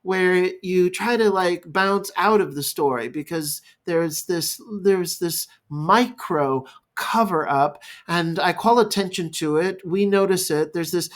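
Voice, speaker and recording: A male therapist speaking in a reflective, halting monologue, improvising as he goes. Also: high voice. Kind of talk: unscripted talking-head monologue.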